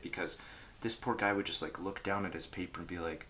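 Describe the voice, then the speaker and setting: Low-voiced man telling tabletop gaming stories. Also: fairly quick, slight background noise. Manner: rambling, filler-heavy, animated quoting. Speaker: role-playing game commentator. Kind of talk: casual storytelling to camera.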